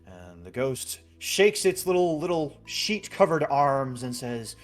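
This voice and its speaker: A woman narrating as game master of a tabletop game, in a relaxed and unhurried way. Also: a bass voice, soft background music.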